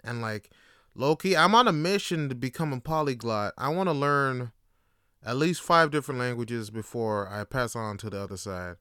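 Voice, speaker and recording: A young man hosting a casual solo podcast, telling slangy, animated stories and laughing often. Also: medium pitch, normal speed, smooth, dry recording, studio quality. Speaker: podcast host.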